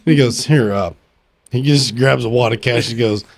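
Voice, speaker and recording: A man co-hosting a podcast in casual chat, swearing and restarting his sentences. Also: mid-range voice. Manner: swearing, halting starts. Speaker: podcast co-host.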